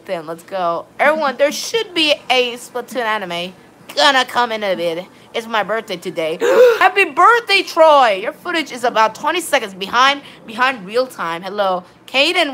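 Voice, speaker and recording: A woman's voice: on the high side, bright, forceful tone, slight background noise. A woman live-streaming a game, chatting to her viewers in a rambling way and greeting them by name. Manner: rambling, repeats "all right, then" and "of course". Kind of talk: casual live-stream chat while gaming.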